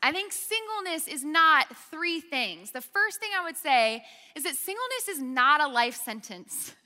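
A young woman gives a sermon in a chatty, conversational way, her high, very bright voice ringing through a reverberant church hall. She keeps checking in with her listeners. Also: very animated, unhurried. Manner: chatty storytelling, frequent "okay?" and "like". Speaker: speaker at a college ministry gathering.

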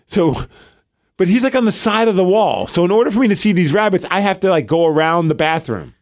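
A man co-hosting a casual podcast, spinning a story with lively ups and downs in his voice. He drops into hushed tones for the lines he quotes. The sound is close and dry. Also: high voice, fairly quick, no echo. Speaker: podcast co-host.

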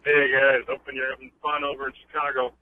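A man's voice: medium pitch, monotone, quick pace, slight background noise. Man on a tinny phone voicemail. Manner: friendly, offhand tip-giving. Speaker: voicemail caller. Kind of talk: casual voicemail message.

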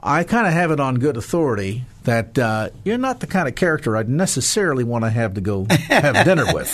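A male host who conducts the interview in a relaxed, conversational way. His pitch is lively and swings widely, and he slips a playful jab into every question. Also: fairly quick.

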